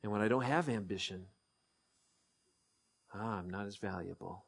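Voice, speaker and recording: A man's voice: fairly low pitch, normal speed, vocal fry, husky. A man preaching a sermon in a conversational way, asking his listeners questions and acting out the scripture he reads. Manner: conversational, asks the audience questions, acts out scripture. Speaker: pastor.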